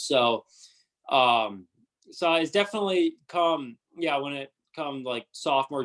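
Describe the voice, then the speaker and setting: A man's voice: medium pitch, fairly bright tone. A young man, a country singer, chatting casually as an interview guest, hesitant and full of fillers and restarts.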